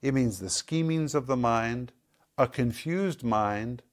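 A man teaching scripture on a program, emphatic, repeating words for stress and slowing down on key points. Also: medium pitch. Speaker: Bible teacher.

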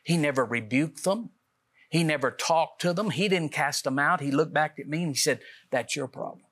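A man's voice: a little high, moderate pace, a bit bright. A man, a guest author on a talk show, gives an earnest personal testimony and acts out the dialogue he quotes.

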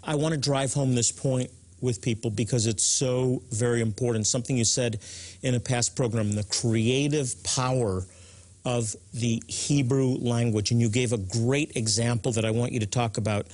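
A man's voice: medium pitch, fairly even intonation, moderate pace, a little mellow. Earnest male talk show host. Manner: earnest, stresses points for viewers. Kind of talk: religious TV talk.

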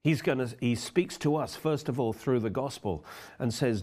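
A man's voice: medium pitch, normal speed, a little mellow, breathy edge. A middle-aged man preaching a sermon, fervently reading and explaining scripture.

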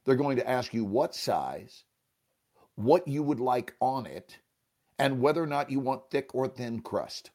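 A man's voice: mid-range voice, expressive, measured pace, a little mellow. A man, an actor and teacher, telling a motivational story as a guest. He speaks emphatically and acts out the dialogue.

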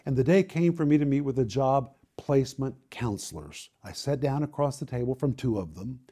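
A man preaching, telling his own story dramatically, with quick bursts and slow, emphatic lines. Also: mid-range voice, lively intonation, dark tone, husky. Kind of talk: sermon testimony storytelling.

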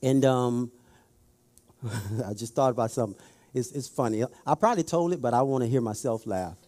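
A man's voice: mid-range voice, moderate pace, dark tone. A middle-aged man preaching a conversational sermon, telling stories and putting questions straight to his listeners. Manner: folksy, storytelling, addresses the audience directly.

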